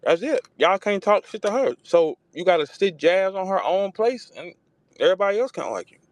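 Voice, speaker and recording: Animated, profane man hosting a talk space. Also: high-pitched, brisk. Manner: profane, animated, slips into mocking voices when quoting. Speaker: host of a battle rap talk space. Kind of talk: casual chat. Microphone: online audio room.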